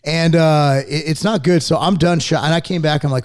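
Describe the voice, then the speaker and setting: A man's voice: on the high side, normal speed. A man in his forties hosting a podcast, ranting casually with constant swearing. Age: 40s. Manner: profane, animated ranting. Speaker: podcast host.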